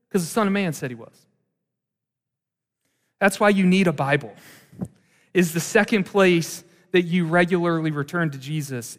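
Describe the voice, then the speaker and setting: A male pastor preaching a sermon in a conversational, animated way, with asides to the congregation. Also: on the high side. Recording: long hall reverb.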